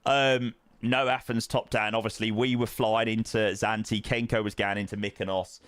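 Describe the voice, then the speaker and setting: A man's voice: lowish voice, flat delivery, moderate pace, fairly bright tone, no echo. A young man streaming a flight sim, chatting casually with viewers in matey banter full of fillers. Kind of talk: casual live-stream chat, answering viewers.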